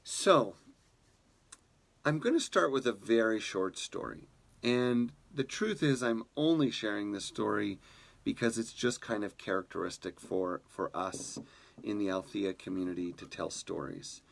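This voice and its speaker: A man leading a spiritual community, telling a fable in a meditation talk, soft-spoken and unhurried. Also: on the low side, gravelly.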